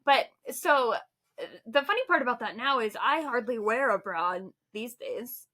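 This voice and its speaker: A woman with a bright, fairly high voice tells stories in a relaxed podcast chat. She is animated and laughs often as she talks. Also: moderate pace. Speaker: podcast co-host. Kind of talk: casual chat.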